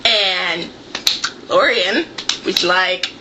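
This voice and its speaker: A woman book vlogger chatting casually to camera, giggly and tearful with excitable outbursts, recorded at home on a camera microphone. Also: sits high, normal speed, background noise. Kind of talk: casual vlog chat.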